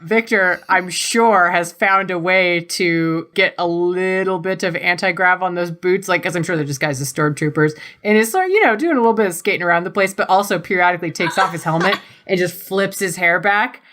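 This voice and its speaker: A woman co-hosting a podcast, telling an animated, giggly story in casual chat. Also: lowish voice, a little fast, few pauses. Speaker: podcast co-host.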